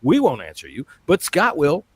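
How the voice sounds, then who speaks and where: A man's voice: on the high side, wildly swooping pitch, normal speed, slightly rough, no room sound. A man co-hosting a casual sports podcast, joking and swearing and laughing often. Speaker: podcast co-host.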